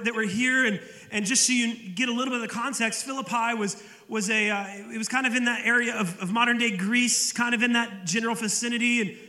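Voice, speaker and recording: A man's voice: extremely high pitch, pushed and bright, reverberant, big-room sound. A male pastor preaching a sermon in a conversational way, often repeating words as he starts a phrase.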